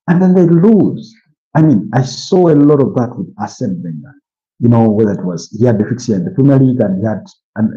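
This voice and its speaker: A man's voice: medium pitch, mellow. A tired, yawning man from Uganda hosting a football watch-along, rambling with lots of "you know" fillers. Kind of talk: casual live commentary and opinion. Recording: muffled lo-fi stream audio.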